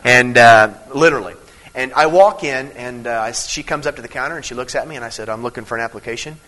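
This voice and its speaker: A man preaching an evening sermon in an earnest, conversational way, moving between emphatic teaching and quiet personal stories. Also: mid-range voice, fast talker, rough recording. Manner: earnest, conversational preaching with many restarts and fillers. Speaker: pastor.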